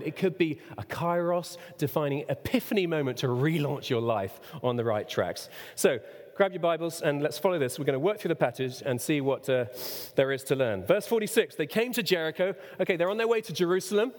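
A male pastor delivers a sermon in a bright, fairly high voice. He asks the listeners questions and now and then rises to a shout. The voice rings out with the long echo of a church hall. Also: a little fast. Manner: expressive preaching, rhetorical questions, sudden shouts.

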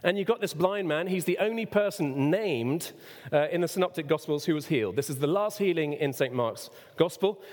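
A man preaching a sermon, who asks the congregation questions and sometimes breaks into a shout. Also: a little high, brisk. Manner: expressive preaching, rhetorical questions, sudden shouts. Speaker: pastor. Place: church. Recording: long reverb of a church hall.

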